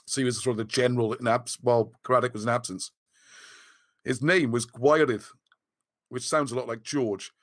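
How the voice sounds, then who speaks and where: A man talks casually on a livestream, rambling and excitable, often stopping to restart his sentences. His voice is mid-pitched and a little strained, as if it is giving out. The sound is dry and close, with no room around it. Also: moderate pace, dry recording. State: losing his voice. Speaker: host of a live video chat.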